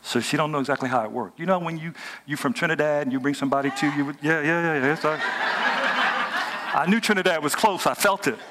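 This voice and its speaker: A man preaching a lively, joking sermon in casual everyday speech and talking back and forth with a live audience. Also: on the high side, fast, heavy background noise. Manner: animated, joking, colloquial, talks with the audience. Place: hotel event room before a live audience.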